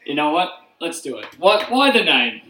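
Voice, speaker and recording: Bright-voiced man hosting live. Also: a little high, big pitch swings, normal speed. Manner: loud, joking, swears casually. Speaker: podcast co-host. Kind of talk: casual live podcast banter. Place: room with a live audience. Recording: echoey room.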